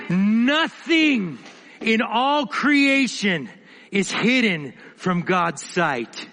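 A man preaching a sermon, dramatic, swinging between emphatic lines and quiet, hushed asides. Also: high voice, very animated, extremely slow, big-room sound.

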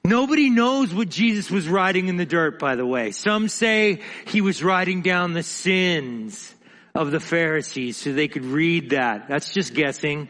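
A man preaching a sermon, dramatic, swinging between emphatic lines and quiet, hushed asides. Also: on the high side, animated, unhurried, big-room sound.

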